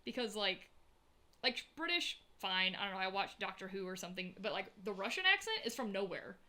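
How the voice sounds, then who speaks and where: A woman co-hosting a podcast, a dungeon master chatting casually with quick asides. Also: mid-range voice, sing-song, sharp tone. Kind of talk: casual chat.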